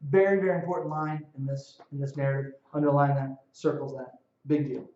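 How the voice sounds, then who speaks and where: Conversational pastor in an echoey room. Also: male voice, mid-range voice, steady tone, fairly quick, a little mellow. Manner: conversational, reads scripture aloud and adds sarcastic paraphrase. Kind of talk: sermon. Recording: echoey room, dull lo-fi sound.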